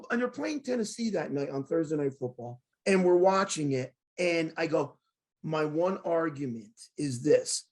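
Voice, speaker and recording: A man hosting a sports talk show, telling a long story in a casual, excitable way and quoting arguments he had. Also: on the high side, moderate pace. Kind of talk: animated storytelling in casual chat.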